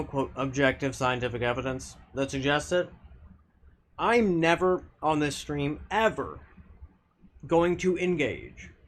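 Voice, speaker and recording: A man's voice: a little high, fairly bright tone. A man streaming a game and talking casually with his viewers, arguing bluntly and swearing often, with frequent restarts. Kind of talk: casual live-stream chat reading viewer comments.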